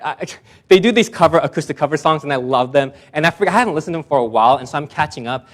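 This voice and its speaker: Pastor, man, slightly high voice; warm self-mocking stories, emphatic at the close. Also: animated, rapid-fire. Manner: personal, self-deprecating humor, builds to emphatic close. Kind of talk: sermon.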